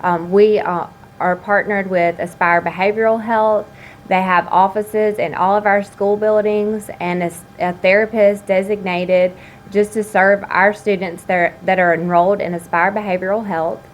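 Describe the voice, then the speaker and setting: A woman host leads a school wellness interview at a measured pace and answers her guest with short affirmations. Her voice sits in a middle register, and a faint noise runs behind it. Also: medium pitch, little pitch movement, low-quality recording. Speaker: school student services director, host. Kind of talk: informational interview and presentation.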